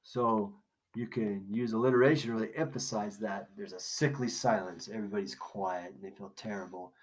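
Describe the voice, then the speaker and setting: A man's voice: fairly low pitch, fairly even intonation, brisk, a little hiss or hum, rough recording. Man teaching a poetry lesson. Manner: casual explaining, asks questions and answers them himself. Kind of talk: recorded classroom lesson walkthrough.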